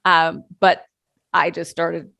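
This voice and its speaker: Middle-aged woman guest, deep and a bit gravelly, animated storyteller who laughs often, dry sound. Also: slow pace, dry recording. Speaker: channeler, interview guest. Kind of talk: conversational storytelling.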